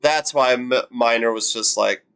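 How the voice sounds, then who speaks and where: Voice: mid-range voice, unhurried, a bit bright, clean tone. A reaction streamer chatting casually, stammering and repeating words, often breaking into laughs.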